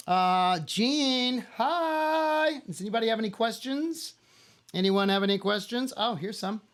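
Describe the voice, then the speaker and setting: Man, middle-aged, slightly high voice, casual home livestream, candid, rambling with fillers. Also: fairly bright tone. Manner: open, rambling, candid, with many fillers and restarts. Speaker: musician hosting a home livestream.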